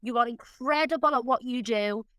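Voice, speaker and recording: A woman's voice: fairly high pitch, moderate pace, fairly bright tone, clear, resonant tone, dry recording, rough recording. A woman guest in an interview, talking in an effusive, openly emotional way. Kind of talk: casual interview chat.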